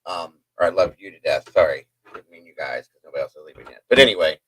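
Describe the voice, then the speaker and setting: Male livestream host, lowish voice, dry close sound; hyper, rambling storyteller who keeps chatting to viewers. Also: animated, fast, fairly bright tone, no room sound, rough recording. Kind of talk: casual storytelling to a live chat.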